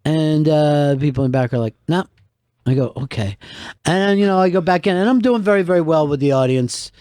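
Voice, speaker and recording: Dude radio host rambling thru a comedy club story, dry close mic. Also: male voice, on the high side, expressive, a little mellow, clean tone, dry recording. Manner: storytelling, wry, drawn-out anecdotes. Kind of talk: casual radio talk.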